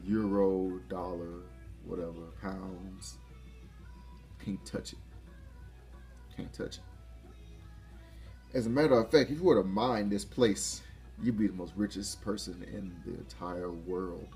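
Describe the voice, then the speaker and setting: A man giving a casual motivational talk to camera, excitable, laughing often and restarting his phrases. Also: low voice, measured pace, long pauses, soft background music. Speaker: motivational vlogger.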